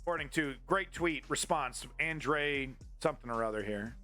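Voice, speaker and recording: A man's voice: on the high side, normal speed, bright, forceful tone, faint music behind. A man hosting a live-streamed political commentary show, ranting in a profane and sarcastic way. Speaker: host.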